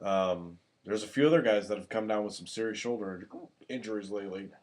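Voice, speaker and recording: Excitable man with hiccups, swearing freely. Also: on the low side, brisk. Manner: animated, swears freely, gets loud when worked up. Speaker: podcast co-host. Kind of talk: casual podcast chat.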